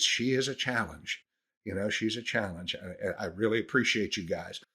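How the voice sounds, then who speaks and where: A man's voice: on the low side, pushed and bright, slightly rough. A man, a dentist hosting a podcast, talking through a casual, earnest monologue with frequent restarts. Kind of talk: casual monologue on practice management.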